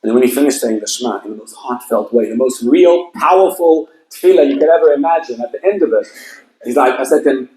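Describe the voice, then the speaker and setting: A man's voice: medium pitch, quick pace, a little mellow. Casting: male rabbi, emphatic storyteller, sermon delivery, roomy recording. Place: event hall with audience.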